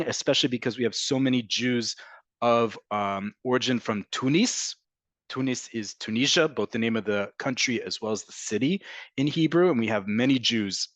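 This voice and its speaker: A man teaching an online class, patiently explaining and slowly repeating words to model how they sound. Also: medium pitch, dry recording. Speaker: Hebrew teacher.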